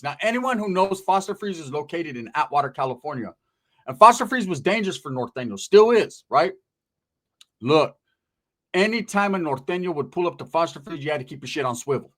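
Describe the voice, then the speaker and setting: A man telling a profane comic story in an animated, conversational way. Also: high-pitched. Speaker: stand-up storyteller. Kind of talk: comedic storytelling.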